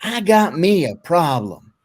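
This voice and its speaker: A man's voice: on the high side, sing-song, unhurried, darkish tone. A man voicing an unrepentant old male inmate from the mountains, with an Appalachian accent and a drawling, matter-of-fact manner.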